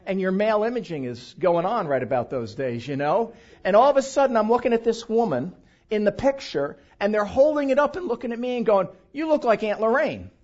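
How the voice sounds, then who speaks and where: A man's voice: high-pitched, sing-song, a little fast, darkish tone. An older man preaching a sermon, telling humorous self-mocking stories about his family. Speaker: pastor. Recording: dull lo-fi recording.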